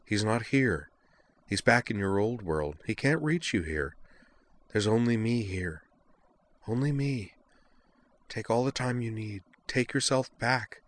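A man reading a story aloud, voicing a gentle, patient young woman who soothes her lover in a soft murmur. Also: lowish voice, expressive, unhurried, long pauses, voice pushed up. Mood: soothing.

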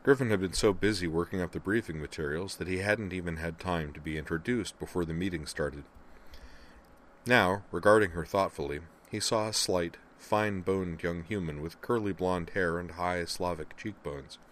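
A male narrator reading a novel aloud in a steady, even storytelling voice. His voice is very low, with a faint hiss behind it. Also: normal speed. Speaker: audiobook narrator. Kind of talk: scripted narration.

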